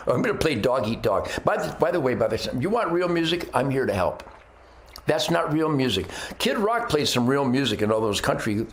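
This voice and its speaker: A man's voice: medium pitch, a little hiss or hum. A man giving a brash, combative, boastful opinion rant as host of his own commentary segment. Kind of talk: ranting opinion monologue. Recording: roomy echo.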